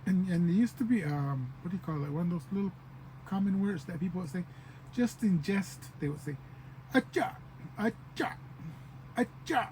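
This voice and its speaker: A man's voice: sits high, warm tone, slight background noise, poor audio. A man giving a casual language lesson, repeating each word several times and acting out short example phrases. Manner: repeats words slowly, acts out example phrases. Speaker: language teacher.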